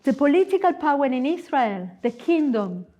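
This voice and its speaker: A woman with a non-native English accent, preaching a sermon as a guest speaker in a church, in an earnest, emphatic storytelling manner with dramatic pauses. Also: high voice, sing-song, warm tone.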